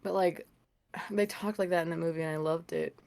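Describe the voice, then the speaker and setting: Young woman, podcast co-host, casual chat, animated, slangy, laughs a lot, call audio. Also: on the low side, a little fast. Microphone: video call.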